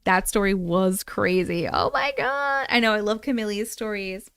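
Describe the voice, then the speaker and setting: A young adult woman hosting a live stream, reading viewer stories aloud in an expressive way and acting out the quoted voices. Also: mid-range voice, moderate pace, clear, resonant tone, dry recording, studio quality.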